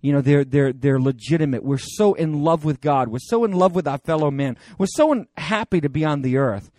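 A man with a fairly high voice preaches in a loose, conversational way, wandering into asides and stumbling over restarts and fillers. The sound is dry and close, with no room around it. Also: a little fast, dry recording. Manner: animated and digressive, with many fillers and restarts. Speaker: pastor. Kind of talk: conversational sermon.

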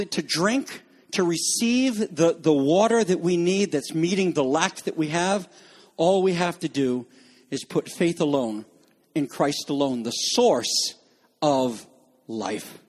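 A male pastor preaching a sermon with animated, emphatic delivery and joking asides. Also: fairly high pitch.

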